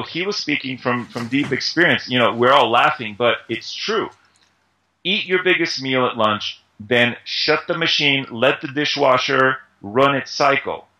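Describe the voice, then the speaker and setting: A man talks through diet advice in a relaxed interview, with a bright, forward tone at a mid pitch. He explains things conversationally, leaning on homely comparisons and dropping in plenty of ums and you-knows. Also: poor audio. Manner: conversational, uses everyday analogies, many fillers. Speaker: Ayurveda instructor, interview guest.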